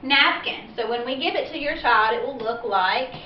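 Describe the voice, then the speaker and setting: A woman teacher patiently explaining reading steps for parents in clear, step-by-step speech. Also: on the high side, moderate pace, a little hiss or hum. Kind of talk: instructional video for parents. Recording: roomy, distant, dull-sounding classroom recording.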